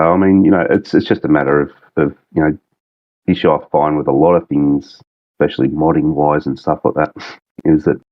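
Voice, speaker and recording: Deep-voiced Australian man, laid-back. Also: no room sound, highs cut off. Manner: rambling, laid-back storytelling. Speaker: guest, game mod creative director. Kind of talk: casual podcast chat.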